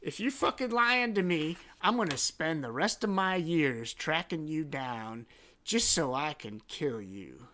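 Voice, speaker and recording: A man's voice: on the high side, animated, measured pace, sharp tone, slight background noise, pitched above the performer's own voice. A man voicing a menacing male torturer who speaks in sneering threats.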